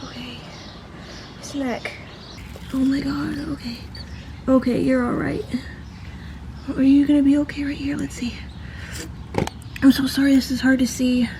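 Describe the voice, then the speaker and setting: A woman's voice: high voice, flat delivery, moderate pace, long pauses, background noise. A woman vlogging outdoors on a handheld phone, flustered and shaky, breathing heavily and slipping in and out of whispers. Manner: flustered, repeats herself, drops into whispers. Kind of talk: casual vlog filmed on the spot. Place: outdoors by a tree below an apartment. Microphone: handheld camera phone.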